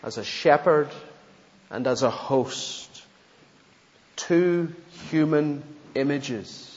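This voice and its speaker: A man preaching a sermon and reading a story aloud, in a measured, earnest way. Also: fairly high pitch, in a large hall, lo-fi sound. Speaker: pastor.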